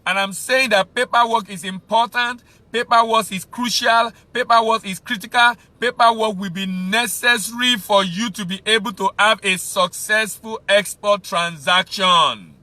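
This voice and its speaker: Nigerian man, trade instructor, high sharp voice, hammers points home by repeating them. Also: fairly even intonation, moderate pace, hardly any pauses, no echo. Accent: Nigerian English. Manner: emphatic, repeats key phrases for stress. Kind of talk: teaching talk on export business.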